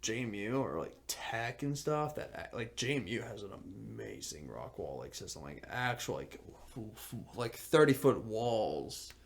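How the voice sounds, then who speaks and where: A man in his twenties co-hosting a podcast, rambling excitably in casual chat full of filler words. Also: lowish voice, unhurried, creaky, few pauses. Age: 20s. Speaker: podcast co-host.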